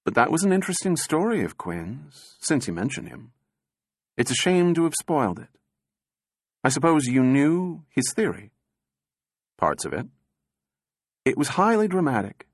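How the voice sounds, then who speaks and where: A man voicing a sharp-minded female scientist with a dry, probing manner and a lifted voice. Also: fairly high pitch, very animated, normal speed, long pauses, dry recording, pitched above the performer's own voice.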